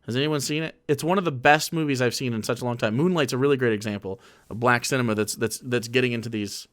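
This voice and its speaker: A man's voice: mid-range voice, fast talker, a bit bright, no room sound, clean studio sound. A man streaming and reacting to a video, rambling and profane, with frequent restarts. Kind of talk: casual reaction commentary.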